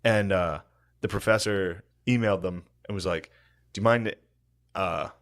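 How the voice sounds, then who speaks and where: Man, podcast co-host, low voice, laid-back drawl, easily amused, casual profane chat. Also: moderate pace.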